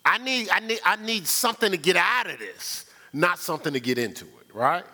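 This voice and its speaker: A man preaching in a loose, conversational sermon, tossing rhetorical questions to the room. His voice is fairly high and bright and swings widely in pitch. He keeps circling back to the same points, repeating them for emphasis. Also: expressive, a little fast. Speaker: pastor.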